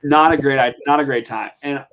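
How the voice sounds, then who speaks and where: A young adult man from Montana, a podcast guest telling a story in a casual, animated way, full of fillers. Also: mid-range voice, a little fast. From Montana, USA. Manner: animated, chatty, lots of fillers.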